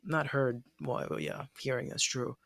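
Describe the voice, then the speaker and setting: A man's voice: mid-range voice, fairly even intonation, normal speed, gravelly, fairly bright tone, no room sound, clean studio sound. A man co-hosting an anime discussion podcast, musing hesitantly and restarting his thoughts in casual chat.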